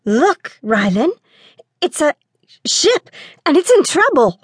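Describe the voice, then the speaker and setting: A woman's voice: mid-range voice, expressive, a little slow, no echo, studio quality, close to an everyday voice. A woman doing a fearless, curious boy. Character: bold curious boy prince, younger brother.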